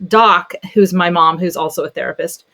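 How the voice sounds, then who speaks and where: A woman's voice: mid-range voice, normal speed. A woman, a pediatric therapist, talking as a podcast guest and telling stories animatedly. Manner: animated storyteller, acts out voices. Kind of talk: casual conversation.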